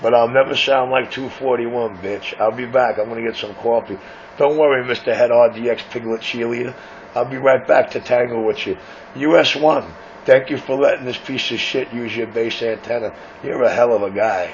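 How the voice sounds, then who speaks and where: A man's voice: medium pitch, fairly even intonation, normal speed. A man who runs a radio shop, boasting and taunting rivals over CB radio in a brash, self-important way. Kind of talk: CB radio banter. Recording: muffled CB radio audio with faint hiss.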